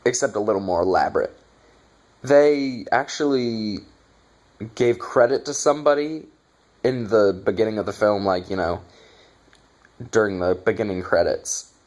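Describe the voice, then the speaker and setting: A man's voice: lowish voice, normal speed, long pauses, a little mellow. A man reviewing a bad movie in a casual, exasperated rant, swearing and sarcastic.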